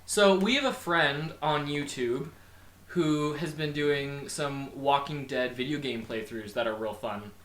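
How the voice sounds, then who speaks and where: A man's voice: medium pitch, measured pace, fairly bright tone, a little hiss or hum. A man co-hosting a podcast in casual chat, laid-back and self-deprecating. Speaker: podcast co-host. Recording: echoey room.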